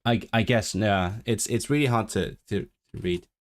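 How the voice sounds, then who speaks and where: A man's voice: on the low side, moderate pace. A man hosting a casual livestream, reading viewer comments and sounding out foreign words with many restarts and repeated words. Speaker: livestream host.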